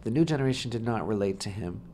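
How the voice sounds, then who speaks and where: A man with a low, gravelly voice leads a radio discussion of scripture, building long, wordy sentences and leaning hard on key phrases. He often circles back and repeats himself as he works toward a point. A faint hiss sits under the recording. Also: lively intonation, fast, darkish tone. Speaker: rabbi co-host. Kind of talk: Torah discussion on talk radio.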